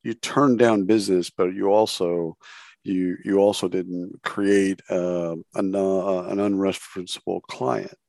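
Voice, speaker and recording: A man's voice: low-pitched, little pitch movement, measured pace, vocal fry, a little mellow, no room sound, clean studio sound. A man hosting a podcast interview, chatting casually and rambling, often restarting his phrases. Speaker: podcast host.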